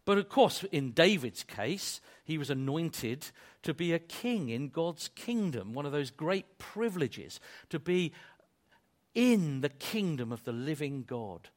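A man's voice: on the high side, very animated, unhurried. Preaching man with a swelling voice. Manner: dynamic preaching, swells loud then drops soft; repeats and restarts phrases. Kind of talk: sermon.

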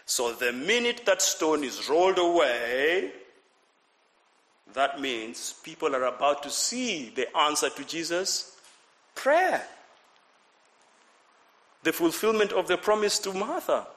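A man preaching a sermon, animated, repeating words and building up to shouts. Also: fairly high pitch, measured pace. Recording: reverberant hall.

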